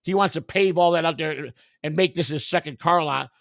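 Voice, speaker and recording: A high-pitched man with a gravelly, fry-laden voice, chatting over a video call. He tells stories in a loose, animated way and swears constantly. The sound is dry and close. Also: a little fast, no room sound. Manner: animated storytelling, heavy swearing, mimics a pleading neighbor. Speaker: stream host. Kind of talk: casual profane chat on a video call.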